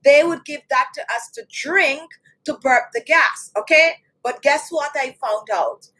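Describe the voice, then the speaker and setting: A woman's voice: sits high, unhurried, sharp tone, poor audio. A woman with a Jamaican accent, a beauty vlogger chatting casually on a livestream, addressing viewers directly and often asking "okay?".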